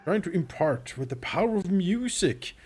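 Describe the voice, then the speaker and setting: A man playing a character in a tabletop game, speaking in slow, grand, formal phrases mixed with fillers. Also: sits high, big pitch swings, a little mellow, a little hiss or hum. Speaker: player. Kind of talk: in-character tabletop role-play.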